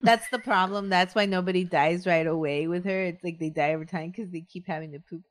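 A woman's voice: fairly low pitch, no room sound. Jokey woman co-host, dry close sound. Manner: jokey, quick asides. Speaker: podcast co-host. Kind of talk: casual true-crime chat.

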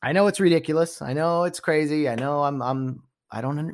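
A man hosts his own podcast, ranting loosely about sports etiquette. He sounds incredulous and animated, jumping into mock voices and hushed whispers to act out what others say. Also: fairly high pitch, a little fast. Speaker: podcast host. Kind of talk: casual sports rant.

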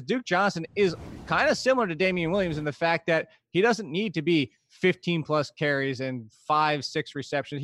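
A man with a slightly higher voice co-hosting a casual sports podcast, recorded dry and close. He lays out long analytical explanations and laughs easily. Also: a bit bright, dry recording. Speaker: podcast co-host.

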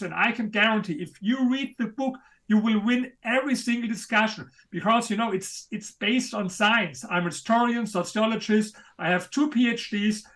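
A man with a German accent talks in an interview, emphatic and a little halting. His voice sits high for a man and sounds bright and forceful. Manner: emphatic, a bit halting, non-native grammar. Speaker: author and guest. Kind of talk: interview conversation.

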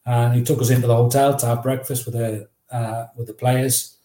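A man in his fifties with a Northeast English accent, telling lively anecdotes as an interview guest and acting out the quotes. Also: mid-range voice, normal speed, echoey room. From Northeast England. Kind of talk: storytelling in an interview.

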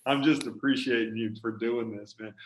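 A man hosting an interview podcast, enthusiastic and quick to laugh, talking over a remote call. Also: medium pitch, fairly even intonation, echoey room, rough recording. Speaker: podcast host and former coach. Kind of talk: upbeat conversational interview.

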